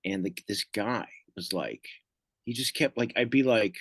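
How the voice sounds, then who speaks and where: A man, a comedian, telling stories in casual chat, rambling with lots of fillers and quoting people in lively voices. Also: on the low side, a little slow, dry recording. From Michigan. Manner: rambling, animated storytelling with many fillers. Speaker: comedian guest.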